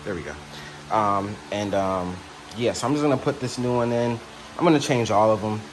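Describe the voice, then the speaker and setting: Brief: laid-back man with a lowish voice, rambling DIY bike vlog, noisy ambience. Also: normal speed. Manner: rambling, easygoing, many fillers. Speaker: motorcycle vlogger. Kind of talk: casual DIY repair vlog. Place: working on a motorcycle.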